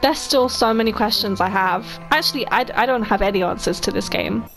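A young woman doing let's play commentary, excitable and emotional, talking back to the screen. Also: mid-range voice, brisk, creaky, faint music behind, rough recording. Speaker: gamer host.

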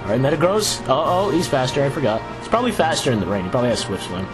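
A man casually commenting on his own video game play, chatty and excitable, laughing often. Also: mid-range voice, very fast. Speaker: Let's Play host. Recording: game music playing underneath. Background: video game music.

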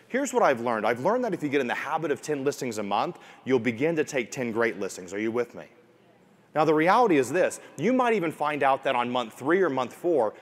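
Energetic male real estate coach. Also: mid-range voice. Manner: energetic, repeats key lines, acts out quoted clients. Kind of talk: motivational seminar talk. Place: room with an audience. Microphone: wearing a mic.

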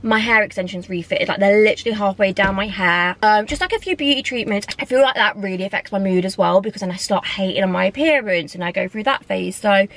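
A woman's voice: mid-range voice, fast, few pauses, fairly bright tone, slight background noise. A young woman from England chatting candidly to camera as a vlogger, with lots of fillers and asides. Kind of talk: casual chat to camera.

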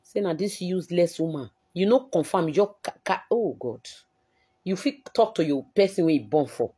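A woman's voice: fairly low pitch, expressive, normal speed, mellow, breathy edge. A woman with a Nigerian Pidgin English accent talking on a live stream, aggrieved and defensive as she replies to viewers. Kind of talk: emotional live-stream talk.

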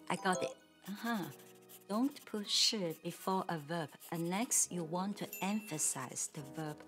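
A woman teaching Mandarin grammar, explaining patiently and clearly with model sentences. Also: on the low side, a bit bright. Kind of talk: grammar lesson.

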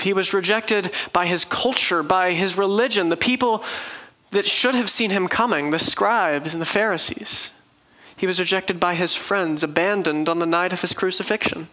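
A man's voice: high voice, pushed and bright, low-quality recording. A man preaching a sermon, telling the story earnestly and vividly.

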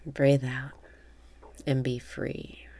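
A woman leading a guided meditation with calm breath cues, often dropping into a half whisper. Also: a bass voice, drawn-out words.

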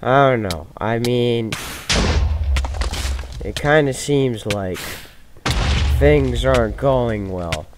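A man giving casual commentary over his own game, jumping from loud excited shouts to low mumbled asides. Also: drawn-out words, long pauses. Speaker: gaming video host. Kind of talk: casual let's-play commentary. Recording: noisy home gaming recording.

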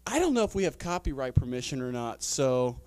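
A man leading a retreat seminar, casually reading a children's story aloud to a crowd, halting and self-deprecating with many fillers. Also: medium pitch, big pitch swings, a little mellow, dry recording. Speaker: retreat speaker.

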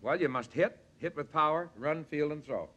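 Casting note: man, slightly high-pitched voice, gruff animated raconteur on a vintage TV talk set. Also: normal speed, highs cut off. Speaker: talk show guest. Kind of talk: anecdote-telling chat. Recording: 1963 studio show, audience behind.

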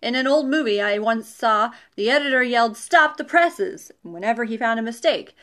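A woman's voice: a little high, a little fast, a bit bright, lightly acted. A woman reading a storybook voices an enthusiastic male school principal who declaims his lines heartily. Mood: hearty.

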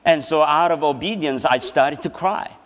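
A man's voice: on the high side, normal speed, a bit bright. A man giving a sermon as a seminar presenter, telling a personal story and laughing often as he talks. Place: church hall. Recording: long hall reverb.

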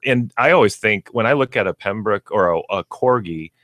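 Guy on a pet radio show, kinda low voice, stumbles reading stuff, dry studio sound. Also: animated, a bit bright, no echo. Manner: reads haltingly, stumbles over words. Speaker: co-host, pet store representative. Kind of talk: casual radio chat.

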